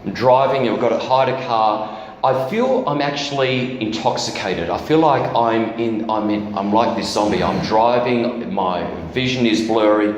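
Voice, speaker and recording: Standing in for a church's preacher, a man tells a candid personal testimony laced with jokes at his own expense. He speaks on the low side at a moderate pace, and the recording has the echo of a church hall plus a bit of background noise.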